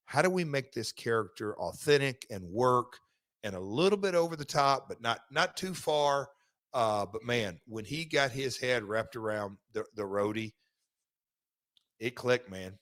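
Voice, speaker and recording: A middle-aged man hosting a podcast, chatting casually and telling stories about his past in a relaxed, rambling way. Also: mid-range voice. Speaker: podcast host, former wrestler. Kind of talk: casual chat and read sponsor ad.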